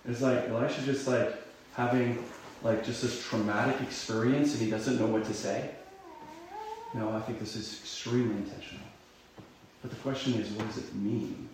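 A man's voice: mid-range voice, steady tone, normal speed, darkish tone, a little hiss or hum. A male pastor preaching a sermon in a loose, conversational way, with many fillers and restarts, rising sharply when he voices dramatic cries. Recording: very echoey room, voice far from mic.

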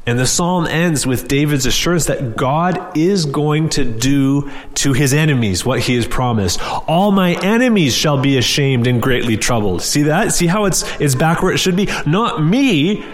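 A man's voice: fairly high pitch, in a large hall. A man preaching a sermon in an earnest, direct way, often restarting and repeating words.

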